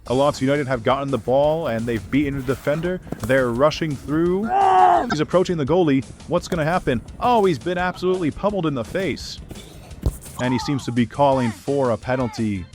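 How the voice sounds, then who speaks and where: A man giving a deadpan parody sports commentary in a mock-formal tone. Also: mid-range voice, a little fast, over music, pitched below the performer's own voice, natural voice.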